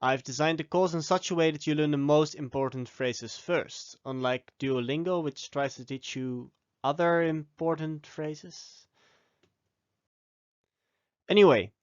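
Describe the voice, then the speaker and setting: Man teaching a slow, clear lesson. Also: mid-range voice, no echo, dull audio. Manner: slow, deliberate model pronunciation with pauses for repeating. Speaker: language teacher. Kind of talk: scripted language lesson.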